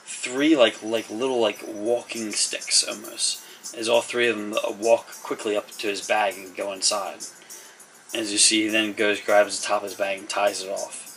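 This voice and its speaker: A man's voice: lowish voice, little pitch movement, moderate pace, a bit bright, far from the mic, faint music behind, rough recording. A man narrating a tabletop game as game master, loose and rambling with fillers.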